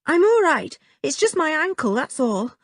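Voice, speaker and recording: A woman's voice: sits high, big pitch swings, moderate pace, no room sound, studio quality, voice pushed up. A woman reading an audiobook, voicing a plucky young boy with an injured ankle who tells his story earnestly.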